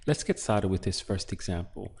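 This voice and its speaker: A man's voice: sits low, lively intonation, a little mellow, breathy edge. A man teaching a Spanish lesson, explaining translations word by word. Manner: slow, explanatory, talks through each word. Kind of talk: relaxed language lesson.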